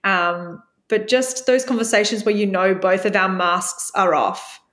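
A woman guest telling a candid personal story, reflective and open, acting out her own past lines in a brighter voice. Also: mid-range voice, unhurried. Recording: echoey room.

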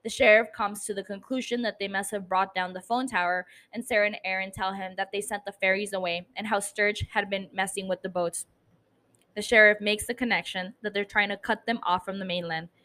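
A woman's voice: medium pitch, steady tone, a little fast, sharp tone. A woman hosting a podcast, recapping a TV episode in casual, chatty talk with casual swearing and self-mocking laughs. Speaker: podcast host.

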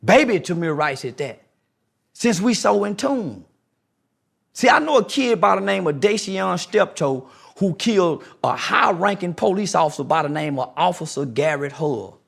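A man with a notably high voice full of gravel and fry. He argues like a street preacher, confrontational and insistent, repeating the same rhetorical questions to drive his point home. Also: expressive, moderate pace. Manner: mocking impressions in a raised voice. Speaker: guest. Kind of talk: heated podcast interview.

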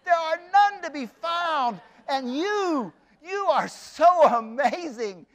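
A gushing, overjoyed young bride, as a male storyteller puts her on, her voice leaping very high and swinging widely as she piles on praise. She sounds breathless with delight. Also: huge pitch swings, extremely slow, a bit bright, full character voice. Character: young woman, newlywed granddaughter, overjoyed.

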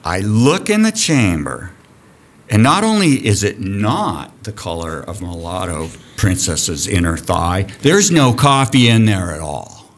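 A man who directs a diving program, telling a profane, animated story during a podcast interview and laughing as he goes. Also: deep voice, unhurried. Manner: animated, profane, laughs through his stories. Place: recorded on location at a college.

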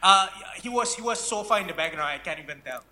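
A man with a very bright, forward voice, a touch high for his sex, talking things through in a relaxed podcast chat. He hesitates often, filling gaps with "uh" as he works out an explanation. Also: fast. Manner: hesitant, explains with many fillers. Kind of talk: casual chat.

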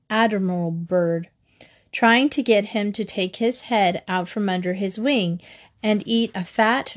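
Woman reading a kids' book out loud, steady and gentle. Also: medium pitch. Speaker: narrator. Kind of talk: children's audiobook narration.

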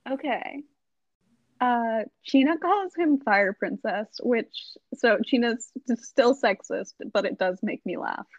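A young woman with a fairly high voice chats playfully with friends on a podcast. Her mic sounds a little muffled and dry, with no room around it. She reads quoted passages at a quick clip. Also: no echo. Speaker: podcast co-host. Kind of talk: casual book-club chat.

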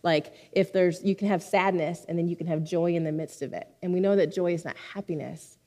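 A woman's voice: lowish voice, fairly even intonation, brisk, warm tone. Woman giving a chatty, heartfelt sermon. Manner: conversational and heartfelt, many likes and asides. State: near tears for a moment. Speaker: pastor.

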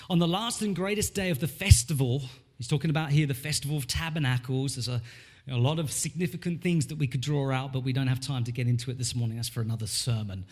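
A male pastor preaching a sermon in a church, animated and rising in emphasis when he reads scripture. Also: on the high side.

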